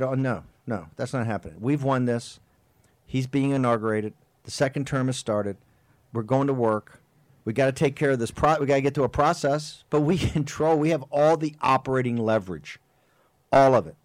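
A man's voice: mid-range voice, fairly quick, a little mellow, no echo. Dude ranting on his talk show, fired up, keeps repeating himself, dry sound. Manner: impassioned, rambling, emphatic repetition. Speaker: host. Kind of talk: fiery political talk show monologue.

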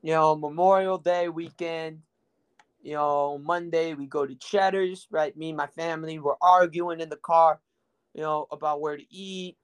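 A young podcast host from the Rio Grande Valley in South Texas rambles through a crude anecdote, his voice slightly higher than most men's with a clean tone, fairly even intonation and moderate pace. His casual storytelling is stuffed with ums and asides, and he jokes at his own expense.

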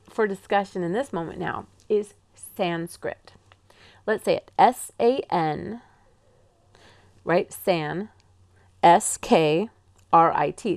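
Woman yoga teacher from the Pacific Northwest, upbeat and animated, coaching other teachers. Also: mid-range voice. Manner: enthusiastic and animated, with slow drawn-out calm phrases.

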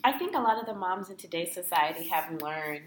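A woman's voice: on the low side, expressive, fairly quick, a little hiss or hum. A woman and mother in casual chat, talking loosely with lots of filler words. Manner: chatty, many "like" fillers. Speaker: podcast co-host, mother.

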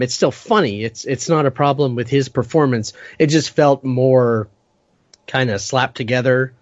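Man, podcast co-host, measured and hesitant, dry close sound, muffled lo-fi audio. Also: medium pitch, no room sound. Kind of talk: casual chat.

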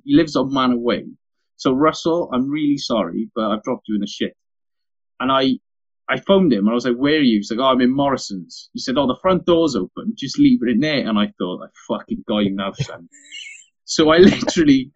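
Sweary animated man. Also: medium pitch, dull audio. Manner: sweary, animated anecdote teller. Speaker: podcast co-host, young father. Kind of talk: casual storytelling chat.

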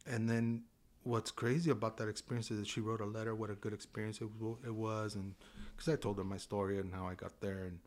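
A man in his fifties from Southern California tells his story as a podcast guest. His voice sits on the low side, and he slips in and out of the people in his story with lively acted lines. He keeps it loose and conversational. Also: fast. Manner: animated, acts out dialogue in changing voices. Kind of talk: casual storytelling.

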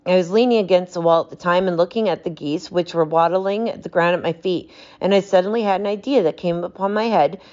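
A woman's voice: on the low side, brisk, hardly any pauses, darkish tone, muffled recording, close to an everyday voice. A woman reading aloud, voicing a frightened male thief who pleads and confesses in desperation. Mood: confessing.

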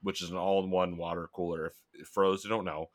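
A man's voice: deep voice, level tone, fast. A man co-hosting a casual chat, telling rambling, profane stories.

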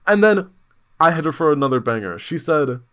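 A man hosting a podcast in casual chat, telling stories in a blunt, slangy, animated way with sudden excited jumps in pitch. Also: fairly quick, clear, resonant tone. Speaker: podcast host.

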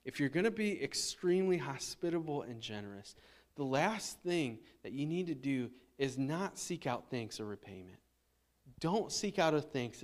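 A man in his thirties, a pastor, preaching a sermon in a casual, conversational way with frequent restarts and fillers. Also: medium pitch. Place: church sanctuary.

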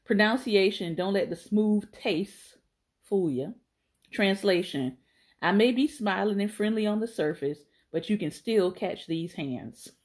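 A woman podcast host reading entries from a phrase book aloud on a live stream, laughing and adding chatty asides to her viewers. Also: mid-range voice.

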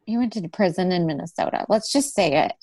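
A woman co-hosting a podcast in casual chat, blunt and quick to agree. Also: on the low side, lively intonation, a little mellow, slightly rough, dry recording, clean studio sound. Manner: blunt, agreeable, short reactions. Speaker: podcast co-host.

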